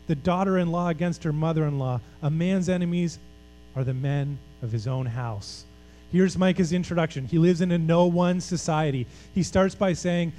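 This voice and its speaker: A man's voice: high voice, darkish tone, low-quality recording. A male pastor giving a sermon in an emphatic, conversational way, asking the congregation questions.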